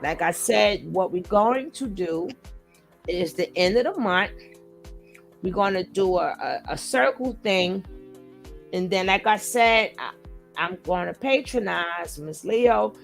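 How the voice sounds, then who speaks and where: A woman from New York hosting a casual live-stream chat, animated and quick with loud outbursts. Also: fairly low pitch, creaky, faint music behind. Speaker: channel host.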